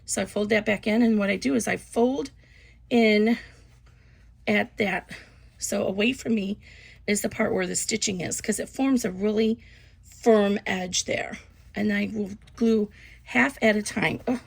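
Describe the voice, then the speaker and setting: A woman casually explaining a sewing project step by step, relaxed and chatty with frequent ums. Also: medium pitch, a little slow, creaky, breathy edge. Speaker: sewing instructor. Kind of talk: casual craft tutorial.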